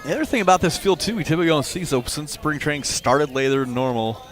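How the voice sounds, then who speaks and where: A man doing color commentary on a live high school baseball game, with relaxed, rambling analysis full of restarts. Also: fast. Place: outdoor ballpark.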